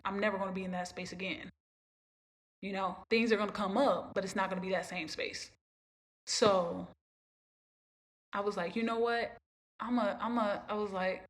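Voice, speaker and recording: A woman with a medium-pitched, slightly bright voice hosts a podcast, giving a motivational talk drawn from her personal life. She repeats herself emphatically as she encourages listeners.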